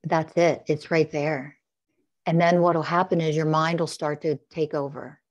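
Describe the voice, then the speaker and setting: Low-voiced woman guiding a meditation. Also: level tone. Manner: slow, soothing guiding cadence with repeated affirmations. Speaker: guest, spiritual teacher. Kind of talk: guided heart-centered meditation coaching.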